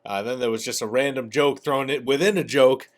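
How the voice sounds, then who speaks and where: A man's voice: medium pitch, brisk. Casual male reaction-video host. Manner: relaxed, frequent "uh" fillers. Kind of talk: casual wrap-up commentary.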